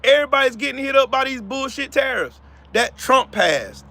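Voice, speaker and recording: A man's voice: very high-pitched, animated, moderate pace, vocal fry, sharp tone. A man hosting a live stream, giving heated, profane commentary and talking to viewers in the chat by name. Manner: profane, fired-up, repetitive.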